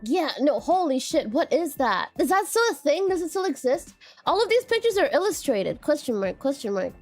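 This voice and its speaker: Lively chatty woman streamer. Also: high-pitched, faint music behind. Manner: rambling, reads chat aloud, repeats "question mark"; animated, quick laughs and bursts of excitement. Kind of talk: casual live-stream chat.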